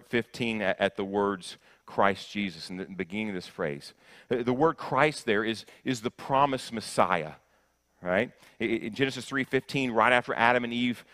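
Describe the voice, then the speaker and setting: A man preaching in a church with a fairly low voice. He is emphatic, repeating the first words of his sentences as he builds. He swings between loud punches and hushed, intense lines. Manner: rises to loud emphasis, drops to soft intensity. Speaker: guest preacher. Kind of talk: sermon. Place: church sanctuary.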